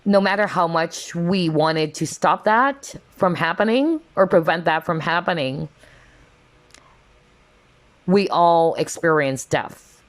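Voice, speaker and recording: A woman reads tarot casually for her viewers in a slow, fairly low-pitched voice. Earnest and openly emotional, she is visibly moved and keeps reaching for fillers like "kind of, like" and "you know."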